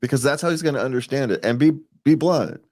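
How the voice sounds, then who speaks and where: A man's voice: medium pitch, fast, a little mellow. A man co-hosting a relationship advice show, talking casually, rambling with restarts and frequent chuckles. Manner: rambling, restarts and repeats words, chuckles often.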